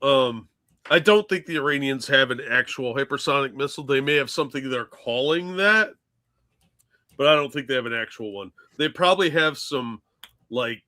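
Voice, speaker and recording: A man's voice: mid-range voice, animated, moderate pace, pushed and bright. A man co-hosting a casual political chat show, bantering in a dismissive, sardonic way. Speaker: show co-host.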